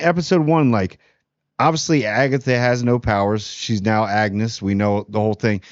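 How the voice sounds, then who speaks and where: A man from New Jersey hosting a casual spoiler review of a TV show, talking bluntly with frequent restarts and animated jumps. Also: medium pitch, no echo, highs cut off. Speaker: TV review host.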